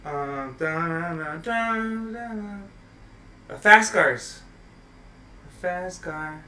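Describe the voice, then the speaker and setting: High, bright-voiced podcast host. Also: male voice, drawn-out words, reverberant, distant mic. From Los Angeles, USA. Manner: animated storyteller, laughs through his stories. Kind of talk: casual podcast chat. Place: podcast studio.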